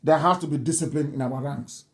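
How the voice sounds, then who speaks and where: A man's voice: a little high, brisk. A Nigerian man hosting a live broadcast, speaking emphatically and repeating his points insistently. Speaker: broadcast host. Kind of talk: live radio broadcast address.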